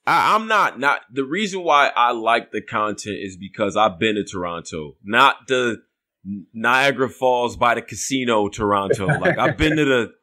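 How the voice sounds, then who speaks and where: A man's voice: medium pitch, expressive, moderate pace, bright, forceful tone. A man with a New York accent hosting an interview, asking long rambling questions with many restarts. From West New York. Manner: rambling, restarts often, "you know what I'm saying". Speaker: interview host.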